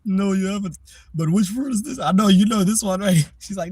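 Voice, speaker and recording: A man's voice: sits high, animated, normal speed, darkish tone, husky. A young man streaming live, chatting casually and brashly in slang straight to his viewers. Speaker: livestreamer. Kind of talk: casual livestream chat.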